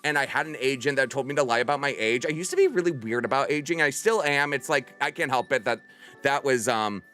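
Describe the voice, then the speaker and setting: A man's voice: mid-range voice, fairly quick, sharp tone, faint music behind. A man in his thirties chatting casually with viewers on a livestream, bubbly and theatrical. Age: 30s. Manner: bubbly and theatrical, bursts into playful screams.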